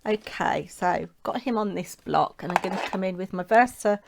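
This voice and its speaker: A woman's voice: medium pitch, normal speed, gravelly, noisy background. A woman hosting a crafting tutorial, chatting casually and talking to herself as she works. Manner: chatty, talks to herself while working. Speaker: papercraft tutorial host.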